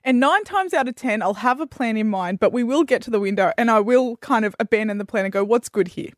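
A woman co-hosting a radio show, telling stories in chatty, animated casual talk. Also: a little high, fast talker, dry recording, clean studio sound. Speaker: radio co-host. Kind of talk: casual chat.

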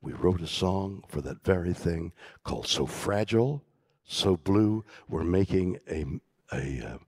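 Older man, gravelly dramatic storyteller. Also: low voice, no echo, studio quality. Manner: dramatic, halting delivery with hushed asides. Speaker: keynote guest in a stage conversation. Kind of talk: storytelling talk to a live audience. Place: conference stage.

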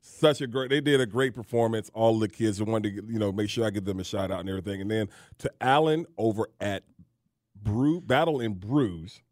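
A man co-hosting a sports radio show, telling stories in a playful, animated way with casual slang. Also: fairly low pitch, fairly quick, dry recording, clean studio sound. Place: radio studio. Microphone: studio microphone.

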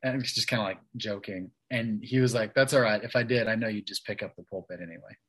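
A man's voice: on the low side, fast, breathy edge, low-quality recording. A man in his thirties, a guest in an interview, telling his story casually with lots of restarts and "like" fillers. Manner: chatty, many restarts and "like" fillers.

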